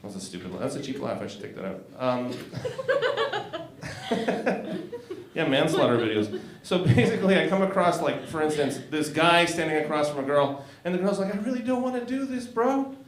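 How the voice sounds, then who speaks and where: Brief: forties male stand-up from Canada, fairly high voice, crude and self-deprecating, roomy club echo. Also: animated, normal speed. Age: 40s. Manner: crude, self-mocking, laughs at own jokes. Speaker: stand-up comedian. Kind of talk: stand-up comedy set. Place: comedy club stage.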